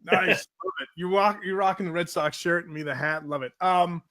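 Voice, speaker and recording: An excitable man hosts a casual chat and reads out listener comments. His voice sits high and rings bright, and he laughs often. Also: normal speed. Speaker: podcast co-host.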